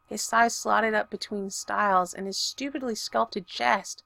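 A woman narrates fiction in a steady, even reading voice. Her tone carries some vocal fry, and the recording is dry and close. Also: mid-range voice, a little slow, hardly any pauses, no room sound.

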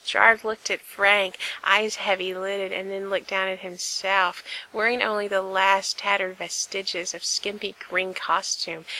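A woman narrating a story aloud in an unhurried, intimate reading style. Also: mid-range voice, sharp tone, rough recording. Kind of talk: reading fan fiction aloud.

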